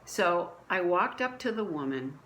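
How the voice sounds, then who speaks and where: Low-voiced woman telling a faith story. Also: big pitch swings, a little slow, fairly bright tone, slight background noise, rough recording. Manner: earnest storytelling with many restarts. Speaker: church member sharing a testimony. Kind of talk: personal faith story, conversational. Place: at home, dining room.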